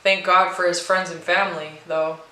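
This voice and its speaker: Welcoming widow, gentle but pushy, as a woman narrator voices her. Bright, echoey read. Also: on the low side, little pitch movement, normal speed. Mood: coaxing. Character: warm, insistent widowed mother.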